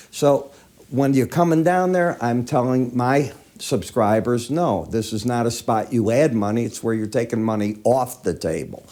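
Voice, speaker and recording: A man's voice: medium pitch, dark tone. A man with allergy sniffles giving conversational chart-by-chart market commentary, asking the viewer rhetorical questions.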